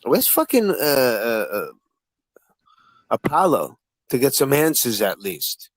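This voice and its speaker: A man's voice: mid-range voice, sing-song, dry recording, poor audio. Profane, needling male stream host. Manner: profane, needling, rapid-fire questions. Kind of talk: casual live-stream panel chat.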